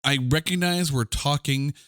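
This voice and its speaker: A man's voice: on the high side, moderate pace, smooth, dry recording, clean studio sound. A man co-hosting a podcast, chatting casually and animatedly about music. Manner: chatty and animated, with frequent "like" fillers. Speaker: podcast co-host.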